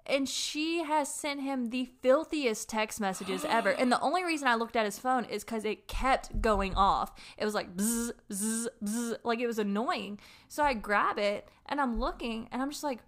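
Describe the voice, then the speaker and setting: A woman telling a personal story in a casual podcast chat, animated and swearing freely. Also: fairly high pitch, moderate pace, hardly any pauses.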